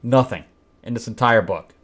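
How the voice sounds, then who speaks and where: A slightly bright, mid-range male voice at a moderate pace hosts a comic book review. He's blunt and exasperated, flipping through pages and sending up the characters with acted-out quotes in put-on voices.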